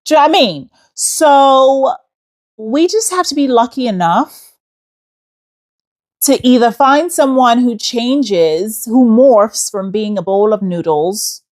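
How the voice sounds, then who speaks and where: A woman's voice: medium pitch, a little mellow. A woman from New York City with an American accent and a slight British tinge, hosting a casual voice note in a sassy, joking, storytelling way. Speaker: host.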